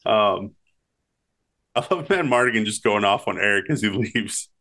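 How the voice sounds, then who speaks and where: Podcast co-host: man, lowish voice, rambling and easygoing, laughs while recounting scenes. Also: expressive, moderate pace, bright, forceful tone. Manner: rambling, laughs through retellings. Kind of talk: casual chat recalling movie scenes.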